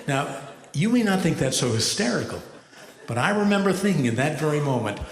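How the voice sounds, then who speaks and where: A man in his seventies, a rabbi doing stand-up comedy, telling stories with a wry, measured delivery and deadpan punchlines. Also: a little high. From United States. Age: 70s. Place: large hall with a live audience. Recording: echoey hall from far off.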